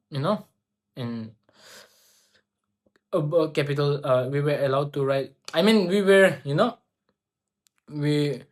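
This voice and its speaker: Young woman rambling thru her story, lots of "you know" and restarts, chatty vlog talk. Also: a bass voice. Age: young adult. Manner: rambling, full of fillers and restarts.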